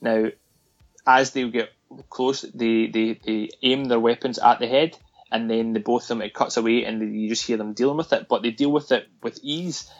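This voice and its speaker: A man's voice: mid-range voice, fairly even intonation, normal speed, lo-fi sound. A man talking casually about a film, animatedly retelling scenes and acting out the lines.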